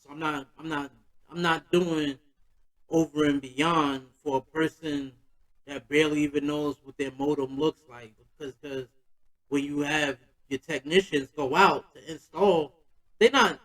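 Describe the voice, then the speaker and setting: A man's voice: a little high, measured pace, rough recording. A man hosting a podcast, telling a personal story in a loose, slangy, conversational way. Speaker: podcast host.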